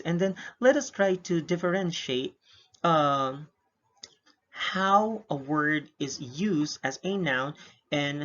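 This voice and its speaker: Male teacher, husky, lo-fi lesson recording, steady patient explainer. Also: on the high side. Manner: steady explaining, frequent "okay?" checks. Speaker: English teacher. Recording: dull lo-fi recording.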